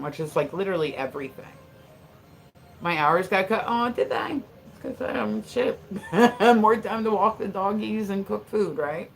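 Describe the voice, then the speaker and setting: A woman's voice: lowish voice, vocal fry, a little hiss or hum. A woman hosting a casual livestream, chatting with viewers in a rambling way, laughing often and swearing freely. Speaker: livestream host.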